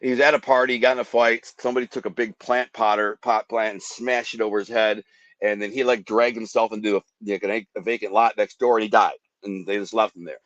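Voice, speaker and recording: A man's voice: on the low side, steady tone, fairly quick, a bit bright, no echo. A man telling a dramatic story from his own life in a vivid, rambling way, acting out the voices he quotes. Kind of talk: intense personal storytelling. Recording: dull dry podcast audio.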